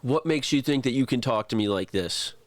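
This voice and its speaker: A man's voice: mid-range voice, brisk, dry recording, natural voice. A man voicing a pompous old noble general who blusters in indignation. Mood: indignant.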